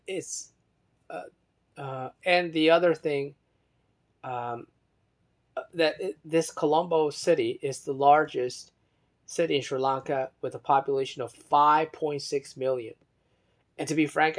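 A man giving a rambling solo monologue, reading aloud from an article with many fillers and restarts and stopping to spell words letter by letter. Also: medium pitch. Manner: drifts between soft muttering and louder emphasis.

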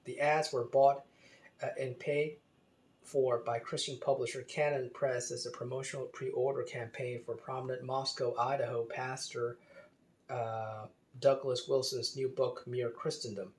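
A man's voice: medium pitch, little pitch movement, a little slow. A man giving casual spoken commentary, reading quotes aloud and rambling with many fillers and restarts. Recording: roomy echo.

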